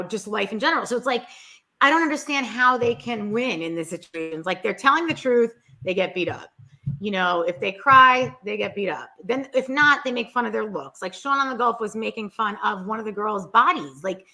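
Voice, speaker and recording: A woman chatting with a friend, venting with animated exasperation. Her voice is fairly high and bright, with a tense edge. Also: gravelly. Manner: animated, exasperated, quotes people in mocking voices. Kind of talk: casual chat.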